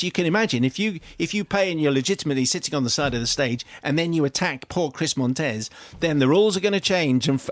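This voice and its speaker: A British radio host reads a listener's confession aloud in a studio, telling it with amused theatrical flair. His voice sits a little high. The sound is close and dry. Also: dry recording. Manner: amused, theatrical storytelling with laughs. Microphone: studio microphone.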